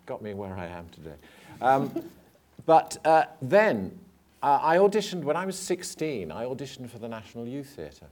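A man's voice: mid-range voice, big pitch swings, normal speed, few pauses, a little mellow. A man, an actor, telling anecdotes on a stage panel in a chatty, self-mocking way with stumbling restarts. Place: theatre stage before an audience.

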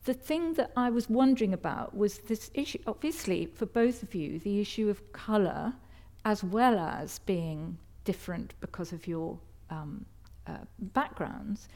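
A woman's voice: mid-range voice, expressive, unhurried, darkish tone. A woman hosting a panel discussion before an audience, asking academic, probing questions with hesitant restarts. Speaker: panel host.

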